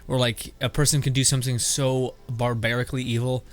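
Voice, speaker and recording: A man's voice: medium pitch, flat delivery, fairly quick. A man streaming his reactions to memes in a casual, blunt, swear-filled way, laughing often. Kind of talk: casual commentary.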